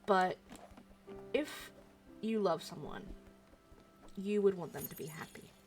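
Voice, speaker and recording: A woman's voice: mid-range voice, slow pace, soft background music. A woman streamer chatting frankly and with strong opinions while playing a video game. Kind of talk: casual game commentary.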